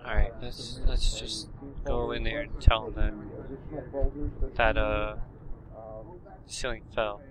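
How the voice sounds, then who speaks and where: A man doing let's-play commentary, talking to himself in a frantic way and bursting out loudly. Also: on the low side, level tone, slow, pauses often, a crowd in the background, poor audio. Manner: frantic self-talk with loud outbursts. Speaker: gaming commentator.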